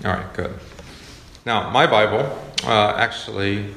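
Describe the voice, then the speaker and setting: A man's voice: lowish voice, measured pace, gravelly, a bit bright. A man leading a Bible study class, chatting informally, asking questions and correcting himself as he explains a passage. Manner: conversational, self-correcting, asks the class questions. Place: classroom or church meeting room. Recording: echoey room with faint noise.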